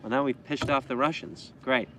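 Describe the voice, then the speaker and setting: A man's voice: medium pitch, moderate pace, sharp tone, slight background noise. Easygoing man reading viewer questions. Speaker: livestream co-host. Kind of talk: casual livestream chat.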